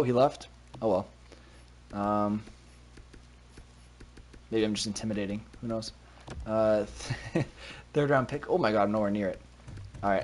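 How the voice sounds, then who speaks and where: Male streamer, mid-pitched, chatty, thinks aloud, covered desk mic, casual game commentary. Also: a little hiss or hum. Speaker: streamer playing a hockey management game.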